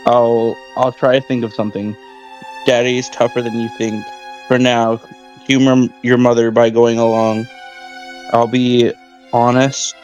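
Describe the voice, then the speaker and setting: A man's voice: medium pitch, little pitch movement, measured pace, a little mellow, lo-fi sound, lightly acted. Man doing a grim, resigned father in a casual horror game read, faint game music under. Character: grim, weary father covering up a death.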